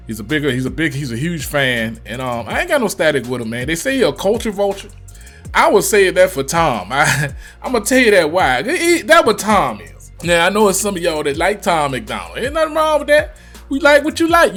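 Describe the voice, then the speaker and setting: A man's voice: on the high side, fairly bright tone. A man with a Virginia accent giving loose, slangy reaction commentary, swearing freely. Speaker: reaction youtuber.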